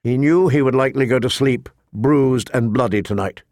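A man narrating a fantasy novel in a measured, steady storytelling voice. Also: medium pitch, dry recording, clean studio sound. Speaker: audiobook narrator.

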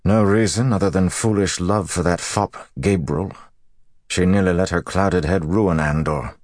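A man reading as a gruff old general. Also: sits low, a little mellow, no room sound, clean studio sound, voice pushed up. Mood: grave. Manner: gruff, measured and grave. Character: grizzled older male general, gruff and steady.

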